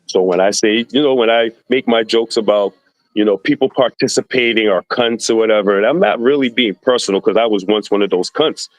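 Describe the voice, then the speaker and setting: A man's voice: fairly low pitch, brisk, no echo, low-quality recording. A man chatting as a podcast guest, blunt and profane, acting out quoted voices as he tells stories. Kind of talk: casual podcast chat.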